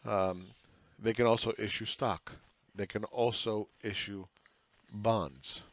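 A man's voice: fairly low pitch, steady tone, slow pace, no room sound, dull audio. A man hosting a casual monologue on the economy, talking bluntly with profanity and rhetorical questions. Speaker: market analyst host.

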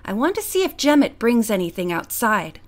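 Lady doing a bold teen girl sleuth, brisk and sure of herself. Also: fairly high pitch, big pitch swings. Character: confident teenage girl detective, bold and curious.

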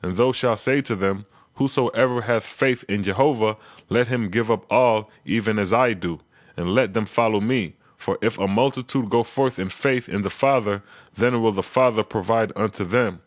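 A man reading scripture aloud in a measured, solemn way, adding his own commentary between verses. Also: lowish voice, no echo, clean studio sound.

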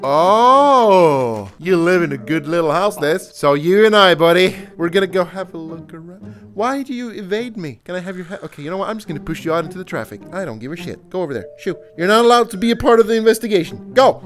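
An excitable man runs through casual gameplay commentary full of jokes and freely dropped swear words. His voice sits high and swings widely in pitch. Soft music plays underneath. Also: fairly quick. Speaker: gaming YouTuber.

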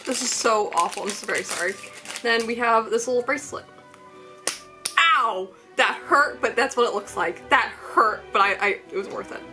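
A young woman chatting excitedly as she unboxes a package at home, rambling with lots of "like" and "um", filmed on a small tripod camera. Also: a little high, fast, music in the background. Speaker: vlogger. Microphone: camera on mini tripod.

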